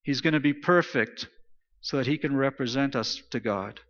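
A man's voice: medium pitch, moderate pace, fairly bright tone, in a large hall, muffled recording. A man preaching a sermon in an emphatic style, repeating phrases for stress. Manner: emphatic, repetitive preaching cadence. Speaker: pastor.

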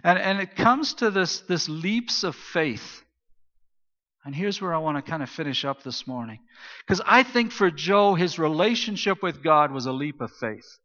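A man's voice: a little high, animated, normal speed, sharp tone. A man preaching a sermon as pastor in a church, talking in a loose conversational way and telling stories with many fillers and restarts. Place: church auditorium. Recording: distant reverberant hall, muffled sound.

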